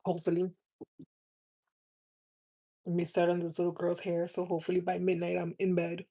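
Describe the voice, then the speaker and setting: A woman chatting on a live stream in a lowish voice. She speaks with earnest, heartfelt feeling and keeps her tone fairly even, often repeating words to drive a point home. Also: moderate pace. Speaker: live streamer selling cosmetics. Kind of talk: casual live-stream chat.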